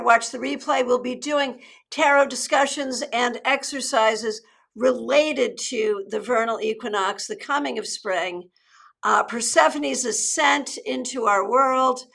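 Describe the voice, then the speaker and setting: Middle-aged woman, live-stream tarot host; bright, forceful voice, chatty and cheerful, restarts sentences. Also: on the high side, vocal fry. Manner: chatty, upbeat, with frequent restarts. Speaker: tarot reader and channel host.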